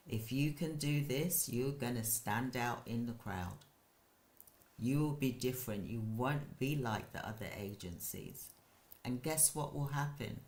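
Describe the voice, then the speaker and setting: Man, care business owner, hosts a casual live stream, slow and gravelly, halting delivery. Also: medium pitch.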